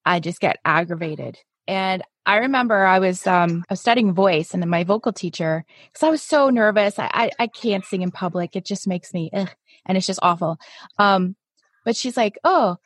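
A woman's voice: medium pitch, moderate pace, no room sound. A woman hosting a casual podcast chat, chatty and self-deprecating, laughing easily.

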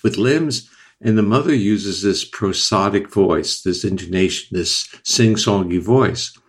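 An older man with a lowish voice explains science on an interview show. His delivery is measured and lecturing. He often backs up and restarts a phrase to correct himself. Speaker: neuroscientist guest.

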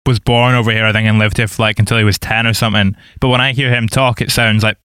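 A man's voice: fairly low pitch, little pitch movement, fast talker, a bit bright, clean tone. A man with a Scottish accent hosting a podcast, asking easygoing, open questions in casual chat. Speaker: podcast host.

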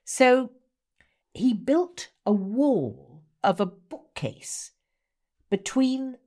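A woman guest, an actor and writer, telling stories in animated conversation with a theatrical, emphatic manner. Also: a little high, extremely slow.

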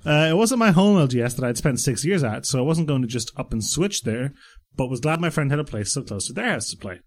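A man's voice: medium pitch, expressive, quick pace. A man co-hosting a podcast in casual chat, wry and teasing as he reads out listener letters. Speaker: podcast co-host.

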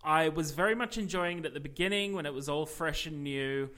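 A man co-hosting a casual podcast, telling rambling, animated stories with plenty of fillers. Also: fairly high pitch, a little fast. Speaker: podcast co-host. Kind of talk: casual chat about video games.

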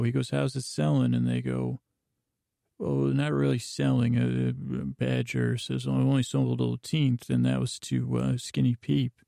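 Guy with a super gravelly dark voice rambling through a sleepy podcast recap, wandering off on little tangents. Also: medium pitch, no echo, clean studio sound. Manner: meandering, digressive, full of fillers and asides. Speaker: podcast host.

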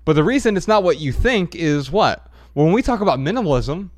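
A man hosting a podcast in casual chat, explaining ideas in a measured way. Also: fairly high pitch, big pitch swings, dry recording, studio quality. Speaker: podcast host.

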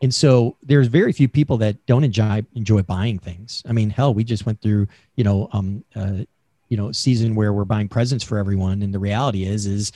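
A man's voice: fairly low pitch, brisk, warm tone, dry recording, clean studio sound. A man being interviewed about selling, talking in a chatty coaching way with many fillers over a remote call mic. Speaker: sales expert guest.

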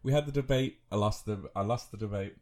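A man's voice: lowish voice, quick pace, a little mellow. Giggly, rambling thirty-something podcast man. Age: 30s. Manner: laughing, rambling, self-mocking storytelling. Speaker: podcast co-host. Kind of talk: casual chat.

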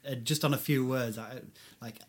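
Casting note: man from England, hesitant and rambling, mid-pitched, casual guest chat. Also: brisk. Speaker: guest, cartoon creator.

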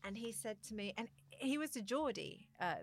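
A woman's voice: on the high side, lively intonation, moderate pace. A young adult woman hosting a conversation, earnestly telling a personal story and laughing often. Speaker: podcast host.

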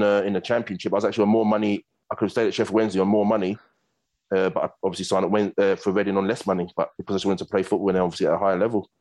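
Deep-voiced guy, rattles off footy stories quick, acts out the quotes. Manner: fast, animated anecdotes with acted quotes. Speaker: former footballer guest. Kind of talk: casual storytelling interview.

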